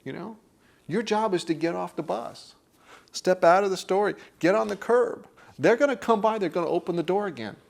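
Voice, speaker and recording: A man's voice: sits high, expressive, brisk, creaky. A man teaching a workshop group in a conversational way. He often checks in with "okay?" and acts out inner voices while he explains.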